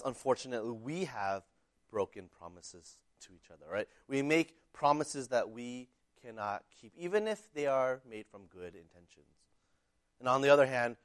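A man's voice: mid-range voice, no room sound. A man preaching a sermon in a conversational way, often checking in with "right?" and repeating words as he starts sentences. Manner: conversational, keeps asking "right?".

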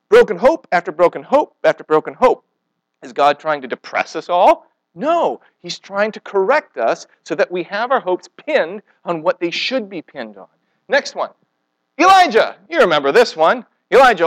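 A man preaching with a lively, swooping delivery that stays a little high for a man. He tells stories animatedly, acting out the quoted speakers. The sound is dry and close. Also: normal speed, no echo, rough recording. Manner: asks the congregation questions. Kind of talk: sermon.

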